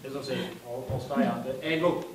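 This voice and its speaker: A man's voice: mid-range voice, fairly even intonation, brisk. Official guy being conciliatory, hesitant, far off in a very echoey hall. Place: community hall. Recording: very echoey hall from a distance, faint noise.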